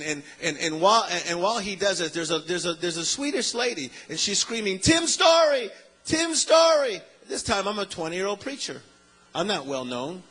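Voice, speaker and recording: A middle-aged man preaching with a high, husky voice. He tells his story in an animated way, acting out each character's lines, and he keeps calling out to the congregation. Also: rough recording. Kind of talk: sermon storytelling.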